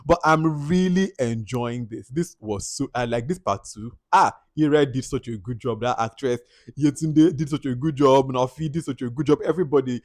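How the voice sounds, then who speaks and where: A man's voice: medium pitch, normal speed, no echo. A young Nigerian man with a Nigerian accent gives a casual movie review, laughing often, mimicking characters and slipping into Pidgin. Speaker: film reviewer.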